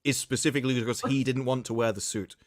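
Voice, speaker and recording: A guest joining a casual livestream chat, speaking at a middle pitch. The delivery is dry and wry, with quick asides and the odd laugh. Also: steady tone.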